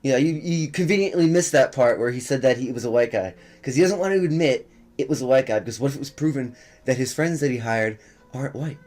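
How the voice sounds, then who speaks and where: A man's voice: medium pitch, fast talker, darkish tone. A young man hosting a reaction video, commenting sarcastically and swearing as he mocks what he watches. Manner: sarcastic, swearing, laughing often.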